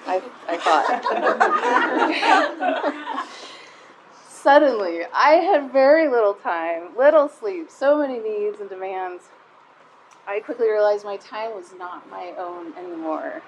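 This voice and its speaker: A middle-aged woman speaks warmly and personally to a room of mothers, in a conversational way that sometimes comes close to tears. Her voice sits at a middle pitch for a woman. A faint hiss of background noise runs under the recording. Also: expressive, unhurried. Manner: heartfelt, conversational, near tears at times. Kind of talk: personal talk to a live group.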